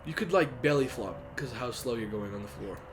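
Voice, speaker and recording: A young man co-hosting a comedy podcast, goofy and quick to chime in with jokes, on a noisy recording. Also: medium pitch. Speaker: podcast co-host. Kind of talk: casual comedic chat. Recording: noisy recording with a steady hiss.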